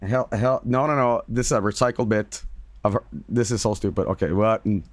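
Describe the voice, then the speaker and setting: A man's voice: fairly low pitch, moderate pace, no echo. A man streaming casually who talks emphatically, repeats himself and swears freely. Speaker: streamer and voice actor. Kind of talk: casual livestream chat.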